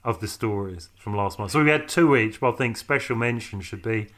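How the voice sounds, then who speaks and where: A man's voice: lowish voice, a little fast, a bit bright. A British man, co-producer of a paranormal podcast, chatting casually and teasing his co-host with jokey questions. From Britain. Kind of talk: casual chat.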